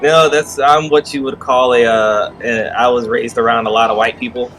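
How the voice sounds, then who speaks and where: An American man chatting casually as a guest on a game stream, relaxed and easygoing with trailing fillers. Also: medium pitch, moderate pace, faint music behind, rough recording. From United States. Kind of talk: casual chat.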